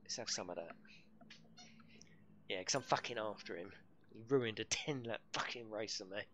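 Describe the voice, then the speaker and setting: A man's voice: fairly low pitch, moderate pace, pushed and bright, slight background noise. A middle-aged man, live-streaming a racing game and bantering and swearing with his chat. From United Kingdom.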